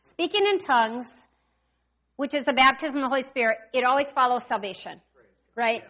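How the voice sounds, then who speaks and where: Older woman preacher, bright high voice, lively call-and-response sermon, dull recording. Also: moderate pace. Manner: animated, call-and-response with congregation.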